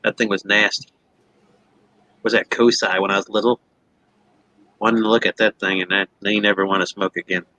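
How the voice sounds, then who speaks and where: A man with a bright, forceful voice, recorded close and dry. He chats bluntly on a casual livestream panel. He asks short, teasing questions. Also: lowish voice, level tone, normal speed, long pauses, no room sound, rough recording. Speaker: panel guest.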